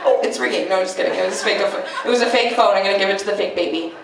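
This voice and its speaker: A Canadian woman performing a stand-up comedy set on a nightclub stage, animated, quick and self-mocking. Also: mid-range voice, vocal fry. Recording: echoey club, distant mic, audience noise.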